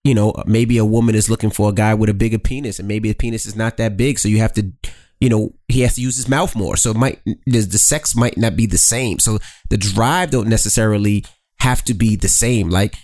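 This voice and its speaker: A man's voice: fairly low pitch, brisk, dry recording, clean studio sound. A man co-hosting a podcast with his wife, telling teasing stories with plenty of swearing. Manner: animated, swearing, teasing storyteller. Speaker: co-host. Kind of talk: casual podcast banter with spouse.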